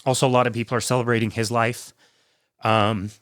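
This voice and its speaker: A man hosting a podcast, talking casually and emotionally in a tribute, halting with many fillers and near tears. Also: mid-range voice, flat delivery, fairly bright tone. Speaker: podcast host.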